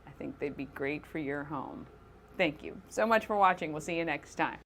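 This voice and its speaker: A woman's voice: deep voice, moderate pace, slight background noise. A woman hosting a local morning show, chatty and upbeat, laughing easily as she talks.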